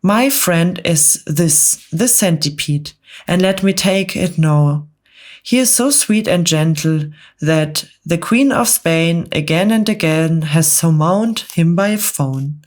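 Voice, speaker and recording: A woman softly voicing a friendly young boy in a whispered role-play bedtime story. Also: fairly low pitch, expressive. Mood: earnest. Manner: soft, slow, gentle. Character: boy hero, friendly and eager.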